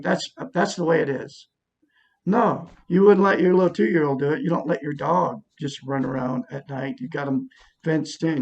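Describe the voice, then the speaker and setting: A man's voice: on the high side, creaky, husky. A middle-aged man telling a long personal story in a rambling, aggrieved way, with many restarts. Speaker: vlogger. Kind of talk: casual personal monologue.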